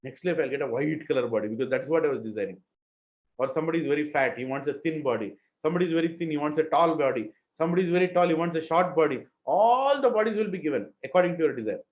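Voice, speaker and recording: Indian male teacher, slightly high voice, lecture style with chanted verses and questions, muffled recording. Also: expressive, rapid-fire. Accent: Indian English. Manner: chants Sanskrit verses, asks the class questions. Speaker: spiritual teacher. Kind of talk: scripture class lecture.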